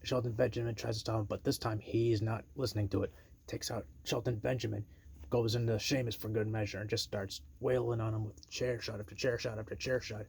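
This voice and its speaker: A man casually pitching an imagined storyline, rambling and acting out quotes in a raised voice. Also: level tone, brisk, gravelly, a little mellow, slightly rough.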